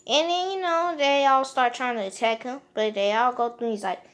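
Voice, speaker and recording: A woman's voice: on the high side, moderate pace, fairly bright tone. A woman casually retelling a fan-made story off the cuff, rambling with lots of fillers and joking asides.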